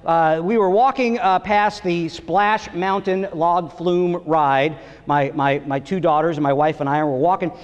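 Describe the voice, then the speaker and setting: A man's voice: fairly high pitch, measured pace, few pauses, smooth, long reverb tail, lo-fi sound. A middle-aged man from Long Island telling family stories in a stand-up set on a theater stage. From Long Island, New York. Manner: lively storytelling, acting out voices. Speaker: stand-up comedian.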